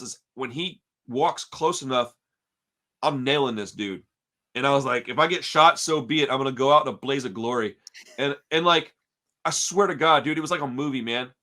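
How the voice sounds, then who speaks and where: A man hosting a podcast, telling a story in casual, profane chat and calling everyone "dude". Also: a little high. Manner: animated, profane, says "dude" constantly. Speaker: podcast host.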